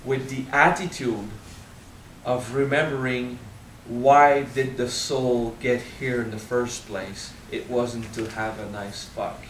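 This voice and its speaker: A man in his thirties with a French accent, speaking at a spiritual seminar, frank and animated, swearing casually and drawing out key words. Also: medium pitch, takes it slowly, reverberant, distant mic, a little hiss or hum, rough recording. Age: 30s. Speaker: spiritual teacher. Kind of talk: seminar talk.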